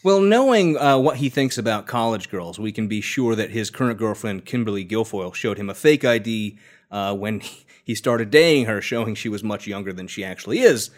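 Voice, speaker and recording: A podcast co-host with a lively, swinging pitch that rises and falls as he talks. He speaks in a sarcastic, joking tone, in a relaxed conversational chat. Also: a little fast.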